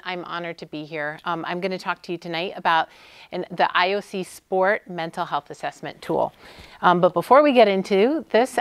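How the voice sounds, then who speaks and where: A woman's voice: on the low side, fairly bright tone, no echo. A middle-aged American woman, a sports medicine doctor, giving a friendly, conversational conference talk with frequent "um"s. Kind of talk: conference lecture.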